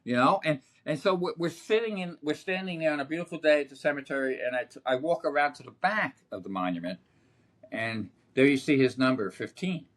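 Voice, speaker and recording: An older man who is a sportswriter, telling rambling, animated stories as a podcast guest with many restarts. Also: on the high side, brisk. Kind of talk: anecdotal podcast conversation. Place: podcast setup.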